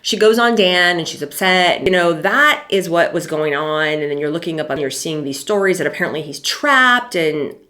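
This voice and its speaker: A middle-aged woman with a low voice talks through a casual commentary vlog. She speaks conversationally, with dry sarcastic remarks and lots of "um" and "you know". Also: lively intonation, moderate pace, few pauses, pushed and bright. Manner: chatty, dry sarcastic asides, frequent fillers.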